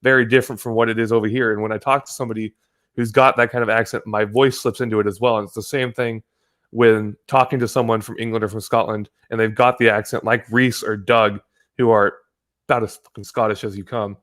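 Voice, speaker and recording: A man's voice: on the low side, level tone, quick pace, fairly bright tone. A man from the United States, a guest on the show, talking in a rambling casual way, swearing freely and often restarting his sentences. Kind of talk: casual chat. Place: home in California.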